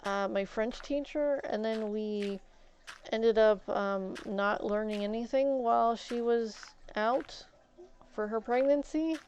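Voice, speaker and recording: A young woman livestreaming, chatting casually and rambling through a school story with many fillers and restarts, getting animated as she goes. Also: fairly high pitch, takes it slowly, a little hiss or hum. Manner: grows animated and loud retelling arguments. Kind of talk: casual storytelling chat while gaming. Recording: slightly dull lo-fi stream audio.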